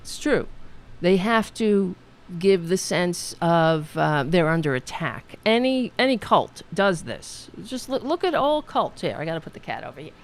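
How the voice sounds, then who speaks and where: A woman's voice: lowish voice, unhurried. A woman hosting a political live stream, chatting casually, reading out supporter messages with frequent laughs and restarts. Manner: chatty, animated, laughs often, trails off and restarts. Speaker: political show host.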